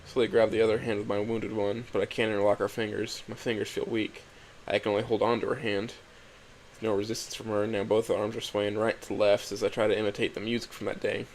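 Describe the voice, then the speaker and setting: A young man reading a first-person story aloud in a quiet, introspective, halting way. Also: on the low side, level tone, slight background noise, poor audio. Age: young adult. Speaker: narrator.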